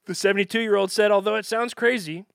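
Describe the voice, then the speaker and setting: A man's voice: high voice, fairly even intonation, fast talker, gravelly, a bit bright, dry recording, studio quality. A man co-hosting a casual comedy podcast, joking, laughing often and reading news stories aloud. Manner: jokey, laughs often, reads articles aloud. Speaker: podcast co-host.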